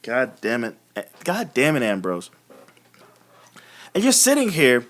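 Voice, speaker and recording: A man's voice: medium pitch, huge pitch swings, slow pace. A man hosting a live wrestling recap, ranting casually and profanely, often laughing. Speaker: host of a wrestling recap show.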